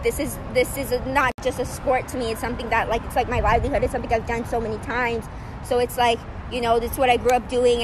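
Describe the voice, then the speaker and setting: A woman's voice: high voice, slight background noise. A young woman, a runner, ranting angrily to her phone at a park, exasperated and repeating herself. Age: young adult. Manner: heated, exasperated, repeats "freaking" and "like". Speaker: runner vlogging. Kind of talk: angry rant to camera. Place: outdoors at a park.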